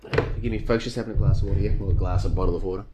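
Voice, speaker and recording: A man with a fairly low voice hosts a long live stream, reading chat and wandering off into tangents. He talks casually to his viewers and stacks up rhetorical questions. After hours on air his voice is starting to wear. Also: steady tone, rapid-fire, very noisy. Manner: rambling, talks straight to the audience as "folks", repeats rhetorical questions.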